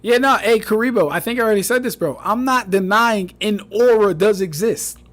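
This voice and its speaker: Speaking fairly quickly in a high, somewhat bright voice, a young streamer offers loose, profane commentary on fan debates. He tears into what he reads with mocking disbelief, repeating lines for effect and often laughing.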